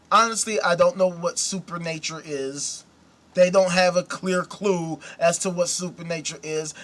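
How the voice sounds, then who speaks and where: Guy ranting on his show, fired up, cusses a lot, high bright voice. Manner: indignant, profane, repetitive rhetorical questions. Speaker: host. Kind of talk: casual commentary rant.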